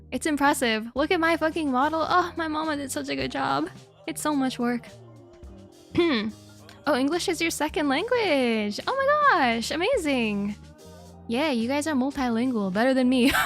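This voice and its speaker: A young woman with a high voice chats casually on her VTuber stream. She giggles often and swears freely as she reads chat. Faint music plays behind her. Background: faint background music.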